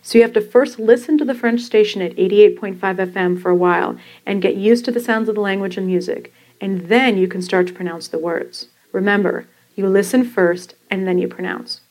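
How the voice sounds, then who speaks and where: A woman and podcast host reading from her own book, explaining language learning in a calm, instructive way. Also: medium pitch, brisk, few pauses, rough recording. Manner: calm, instructive, demonstrating pronunciation.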